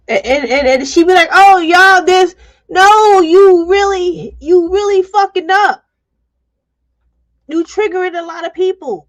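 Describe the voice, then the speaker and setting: A woman hosting a live stream, talking bluntly and emotionally and reading viewer comments aloud. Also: a little high. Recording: dull lo-fi stream audio.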